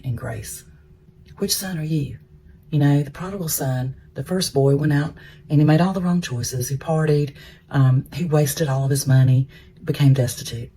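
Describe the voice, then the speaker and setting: Brief: mellow, gravelly male storyteller, chatty devotional retelling. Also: fairly high pitch, a little hiss or hum. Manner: conversational, repeats words, drops into hushed whispers. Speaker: Christian storyteller.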